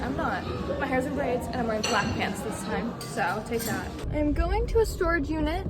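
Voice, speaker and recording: A woman's voice: a little high, expressive, normal speed, loud music behind the voice. A young woman in her twenties chatting casually to the camera in a vlog, swearing now and then. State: out of breath. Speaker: vlogger. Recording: noisy background.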